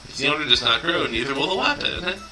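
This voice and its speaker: A man voicing a stern adult woman weaponsmith and commander from a video game, speaking in a measured, formal way. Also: a little high, sing-song, pushed and bright, full character voice, poor audio. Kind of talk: reading game dialogue aloud on stream.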